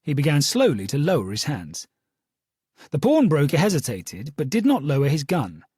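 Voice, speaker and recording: A man reads a first-person story in a steady storytelling manner. His voice is husky and fairly high, with a lively rise and fall, and the recording is close and dry. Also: normal speed, no echo. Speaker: audiobook narrator. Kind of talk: first-person audiobook narration.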